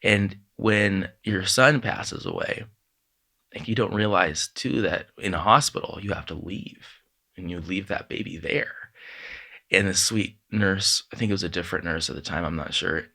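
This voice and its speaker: Deep-voiced man telling heartfelt stories. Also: sharp tone. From Southern California. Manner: heartfelt, halting, many restarts and "like"s, quotes his parents. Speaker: podcast guest, author. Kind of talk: emotional personal storytelling.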